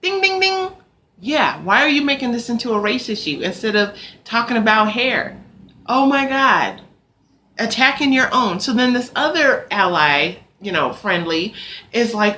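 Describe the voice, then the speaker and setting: A young adult woman vlogging to camera, ranting in an animated, exasperated way and swearing now and then. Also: fairly high pitch, normal speed, slight background noise. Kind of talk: ranting casual vlog.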